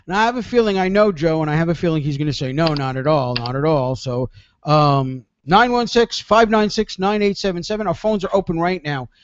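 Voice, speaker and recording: A man's voice: high-pitched, animated, brisk, highs cut off, slight background noise. A man hosting a casual radio show, telling stories in a rambling, laughing way.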